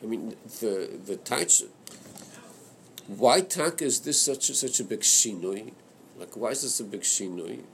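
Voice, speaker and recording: A man teaching a religious study class, reasoning aloud with hesitant stops and repeated words. His pitch rises and falls in a lively way, with a gravelly edge. A faint hiss sits behind him. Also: unhurried. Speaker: Chassidic text teacher. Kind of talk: Torah study class discussion.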